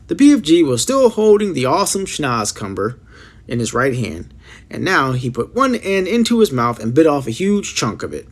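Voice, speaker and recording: A man reading a children's book aloud in a lively storytelling way. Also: a little high, normal speed. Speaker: audiobook reader.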